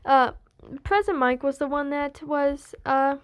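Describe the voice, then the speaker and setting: A woman's voice: sits high, unhurried. A woman retelling a fan story in a meandering, casual way, full of restarts.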